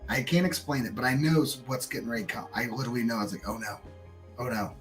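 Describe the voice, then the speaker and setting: A man's voice: mid-range voice, racing, faint music behind. An American man telling a story in casual, profanity-laced pub chat. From United States. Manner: animated storyteller, swears freely.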